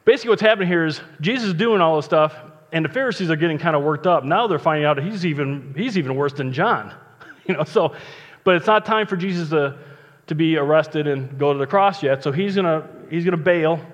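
A man's voice: on the high side, fairly quick. A man preaching a casual sermon as pastor, chatty and joking between Bible readings. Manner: chatty, joking asides, conversational. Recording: long reverb, dull lo-fi sound.

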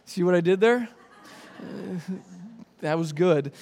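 High-voiced animated male preacher. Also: slow pace. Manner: animated storytelling with jokes and acted voices. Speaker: pastor. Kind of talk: sermon.

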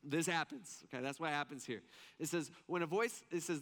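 A fairly high-pitched man preaches in a casual, chatty way, often stopping to quiz the crowd and restarting his thoughts mid-sentence. His voice rings out with a long reverb tail, as in a big hall. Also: lively intonation, a little fast, a bit bright. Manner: conversational, questioning the audience, frequent fillers and restarts. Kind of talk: sermon.

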